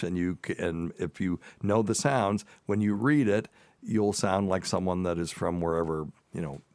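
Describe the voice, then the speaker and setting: A deep-voiced man in his sixties, a doctor who hosts a podcast, tells rambling stories with self-deprecating humor. His mild Southern accent is mostly trained out. The sound is dry and close. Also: darkish tone, dry recording. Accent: Southern US, mostly neutralized. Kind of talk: casual chat.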